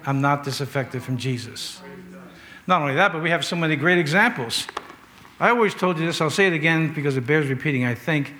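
A man's voice: on the high side, fairly quick, sharp tone, slight background noise. A man preaching a sermon in an earnest, conversational way, telling stories and asking rhetorical questions.

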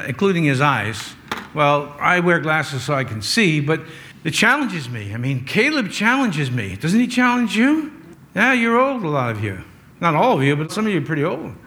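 A pastor delivering a conversational sermon, mixing scripture retelling with humorous asides to the congregation. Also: male voice, high voice, pushed and bright.

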